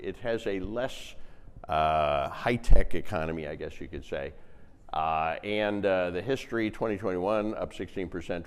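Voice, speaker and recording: A man giving a real estate market update, animated and jokey, repeating figures for emphasis. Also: on the low side. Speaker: real estate investing presenter. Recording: long hall reverb.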